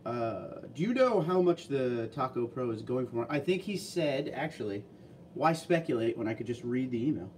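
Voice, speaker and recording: A man hosting a casual livestream, reading viewer comments aloud and chatting back in a relaxed way. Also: mid-range voice, normal speed, distant mic, a little hiss or hum.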